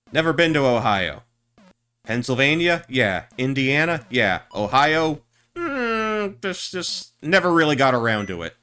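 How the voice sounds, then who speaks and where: A man's voice: on the low side, bright, forceful tone, clean tone. A man streaming a game, chatting in a rambling, stammering way with crude jokes. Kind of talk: casual gameplay chat.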